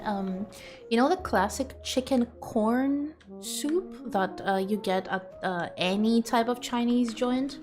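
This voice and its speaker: Young woman streamer, higher voice, chatty and self-mocking, faint music under her. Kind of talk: casual chat with stream viewers.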